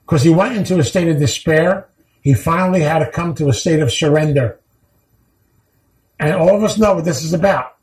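A man's voice: a little high, normal speed, darkish tone, echoey room, low-quality recording. A man giving a heartfelt recovery talk, telling stories earnestly and repeating key phrases for weight. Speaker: recovery speaker.

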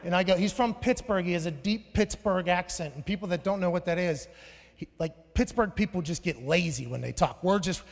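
A man in his thirties performs a stand-up set on a big stage, spinning stories in a loud, profane way that bursts into shouts. His voice sits high, and it rings out through a live hall with a long reverb tail. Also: a little fast, gravelly. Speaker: stand-up comedian. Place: large venue on stage.

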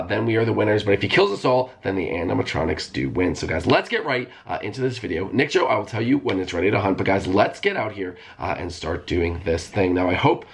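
A man hosting a gaming video, giving excitable live commentary that jumps into squeals and shouts. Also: lowish voice, gravelly. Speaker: gaming channel host.

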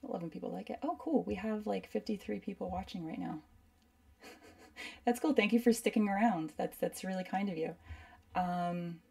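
A woman teaching art rambles chattily during a live painting demonstration, peppering her speech with "like." Her voice is mid-range, creaky, and mellow at a normal pace, picked up from a distance.

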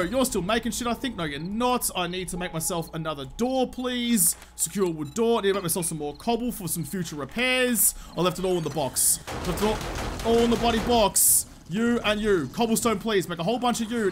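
This high-voiced young man hosts a gaming channel, and the clip has a faint hiss or hum. He mutters frantic, profane remarks to himself as the gameplay unfolds.

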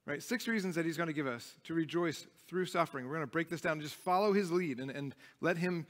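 A young man preaching as pastor speaks quickly in a voice on the high side. Earnest and emphatic, he frequently starts his phrases over, and the church hall's long reverb fills the recording from the sanctuary.

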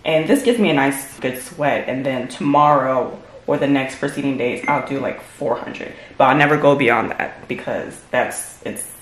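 A young woman speaks quietly at home, half-whispering so she won't wake anyone. Her tone is casual and chatty, with a faint hiss of noise behind her. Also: very deep voice, normal speed, hardly any pauses, rough recording. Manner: hushed and soft, trying not to wake others. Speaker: fitness vlogger. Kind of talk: casual vlog narration. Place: home, early morning.

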